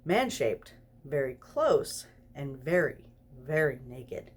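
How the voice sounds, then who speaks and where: A woman's voice: sits low, expressive, measured pace. A tipsy woman reading a story aloud, giggling through it. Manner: giggly, snorty laughs while reading. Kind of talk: reading fan fiction aloud.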